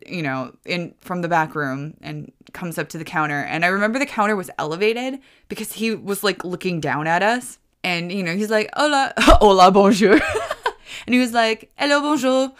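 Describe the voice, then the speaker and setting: A woman's voice: lowish voice, normal speed, fairly bright tone, smooth. A woman hosting a podcast, telling a personal story in a rambling, self-correcting way and laughing at her own jokes. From United States. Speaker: podcast host. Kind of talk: casual storytelling.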